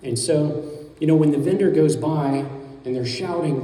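A man preaching a sermon to his congregation, telling a story in a relaxed, conversational way with some fillers. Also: on the high side, moderate pace. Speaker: pastor. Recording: distant mic in a reverberant hall.

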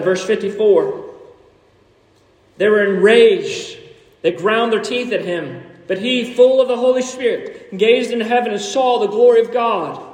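A man preaching a Sunday sermon in a church, animated and emphatic, sometimes rising to near shouts and joking with the congregation. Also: sits high. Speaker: pastor. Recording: echoey hall, distant from the mic.

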